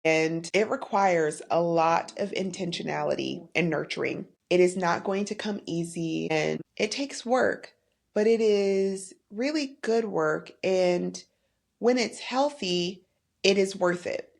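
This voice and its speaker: A middle-aged woman hosting a podcast delivers a slow personal monologue in a lowish, creaky voice. She speaks candidly and openly about her life, with emotion and touches of faith.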